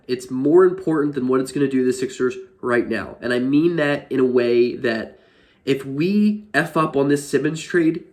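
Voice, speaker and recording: A man's voice: medium pitch, darkish tone. A young man vlogging casual sports commentary, frustrated and exasperated, rambling with lots of fillers.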